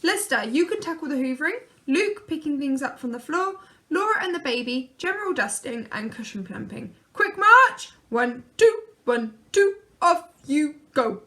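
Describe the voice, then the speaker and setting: A woman's voice: high-pitched, very animated, moderate pace, pushed and bright, voice pushed up, full character voice. A woman voicing a cheerful, bossy father who orders his children about like troops. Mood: hearty. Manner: hearty, commanding.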